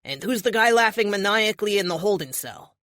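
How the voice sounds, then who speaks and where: A man's voice: high voice, animated, a little fast, bright, forceful tone, dry recording, studio quality. A woman voicing a young male superhero with a Boston accent, blunt and curious.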